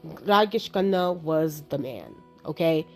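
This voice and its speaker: A woman giving a casual, chatty film review, animated and exasperated as she retells the plot with lots of asides and laughter. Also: deep voice, slow, faint music behind. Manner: exasperated storytelling, acting out her own reactions.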